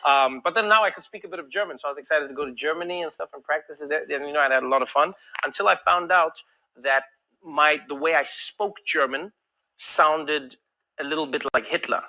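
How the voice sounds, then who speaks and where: A man in his thirties doing stand-up crowd work, telling stories in an animated way and acting out the people in them. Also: on the high side. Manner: animated storytelling, acting out voices in quick back-and-forth. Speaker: comedian. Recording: noisy live stage recording.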